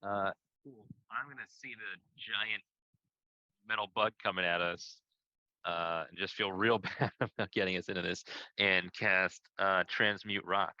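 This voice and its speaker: Brief: very low man with a sharp edge, halting, on a dull dry mic. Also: no room sound. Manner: hesitant, full of uhs. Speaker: player. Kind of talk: casual tabletop play.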